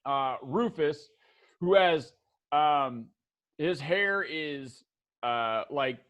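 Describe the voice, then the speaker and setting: A man's voice: fairly high pitch, animated, drawn-out words, lo-fi sound. A man narrating as game master, loose and rambling, laughing often.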